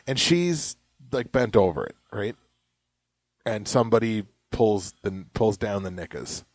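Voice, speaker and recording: A young man co-hosting a comedy podcast, joking around and reading ads aloud with mock yelling. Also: on the low side, expressive, a little slow, dry recording. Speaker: podcast co-host. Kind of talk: casual comedic chat.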